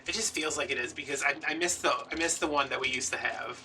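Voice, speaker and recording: A man's voice: mid-range voice, quick pace, sharp tone, far from the mic, slight background noise. A man, hosting a craft video and telling rambling, playfully dramatic stories. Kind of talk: casual storytelling while crafting.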